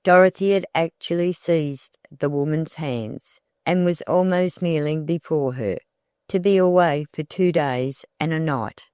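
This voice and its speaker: An audiobook narrator reading a classic novel in a measured, deliberate way on a close mic. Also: medium pitch, a little mellow, clear, resonant tone, dry recording.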